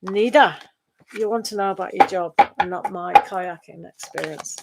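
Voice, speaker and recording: A middle-aged woman reads tarot on a live stream, chatting and rambling with frequent laughter. Her voice is lowish and gravelly at a normal speed, with heavy background noise.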